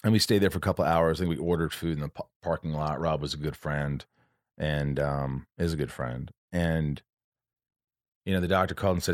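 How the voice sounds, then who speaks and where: This podcast host has a very low, deep voice, captured close up in a dry recording with no echo. Speaking briskly, he rambles casually and earnestly through a personal story that carries an emotional edge, often restarting his sentences.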